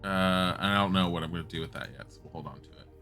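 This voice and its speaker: This man streams a game and narrates quickly, casual and frank, swearing occasionally as he thinks aloud. His slightly low voice carries a bright, cutting edge, with gentle background music playing.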